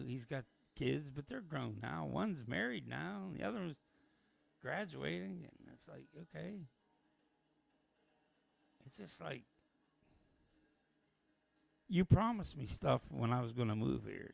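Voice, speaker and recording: A man's voice: mid-range voice, vocal fry, dry recording. A man hosting a late-night livestream, talking candidly and rambling with swearing, tired and emotional. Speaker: channel host.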